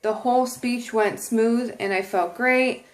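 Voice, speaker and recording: A woman's voice: fairly high pitch, fairly even intonation, unhurried. A woman talking earnestly to camera in a casual inspirational vlog, with many ums and restarted sentences. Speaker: vlogger.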